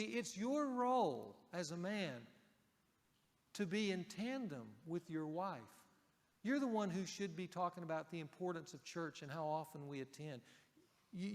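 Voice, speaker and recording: A male pastor preaching a sermon in a conversational way, raising his voice for emphasis and dropping it softly for key points. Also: on the high side, in a large hall.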